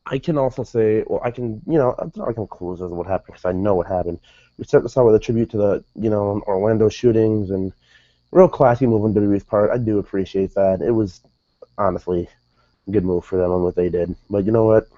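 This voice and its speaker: Casual male reviewer, mellow tone, digressive delivery, dull lo-fi sound. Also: fairly low pitch, fairly quick, no room sound. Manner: rambling, digressive, self-correcting. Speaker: wrestling show reviewer. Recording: dull lo-fi dry recording.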